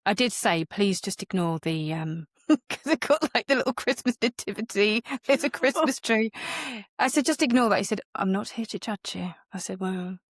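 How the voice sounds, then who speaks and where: Woman, podcast co-host, lively storyteller, casual chat, dry close sound. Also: medium pitch, normal speed, dry recording. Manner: lively storyteller, laughs often, acts out quotes.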